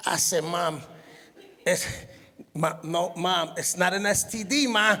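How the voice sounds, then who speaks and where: Middle-aged male comic, high voice, lively storyteller, big hall reverb. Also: moderate pace. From Puerto Rican heritage. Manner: animated storytelling, acts out his mother with high shrieks. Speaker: stand-up comedian. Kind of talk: stand-up comedy routine. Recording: long reverb of a show hall.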